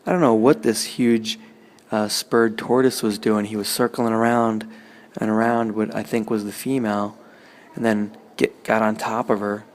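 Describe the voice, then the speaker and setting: A man touring a museum, chatting casually in a quiet, offhand way. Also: fairly low pitch, flat delivery, moderate pace. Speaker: travel vlogger. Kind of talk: casual museum walk-through commentary. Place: indoor museum hall.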